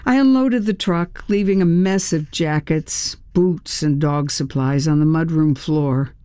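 A woman reading a first-person story as an audiobook narrator, in a measured, steady storytelling manner. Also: low voice, smooth, dry recording.

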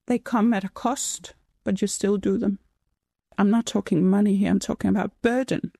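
Emotional, halting mother being interviewed. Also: medium pitch, fairly even intonation, vocal fry, dark tone, breathy edge, no room sound, clean studio sound. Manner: tearful, halting, reflective. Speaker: interviewee, mother of a donor-conceived child.

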